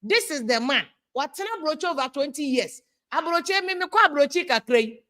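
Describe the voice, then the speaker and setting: A Ghanaian woman hosts a casual live stream and reads out viewer comments. Her voice sits a little high. She talks in an animated, exasperated way and slides between English and Twi mid-sentence. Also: a little fast.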